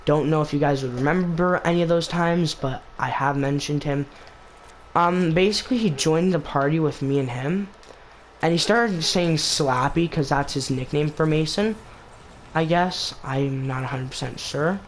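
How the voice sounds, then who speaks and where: Speaking at a moderate pace in a slightly high voice, this man hosts a gaming channel; the recording is rough with a little hiss or hum. He rambles through a story, filler-heavy with "basically" and "like", and keeps restarting.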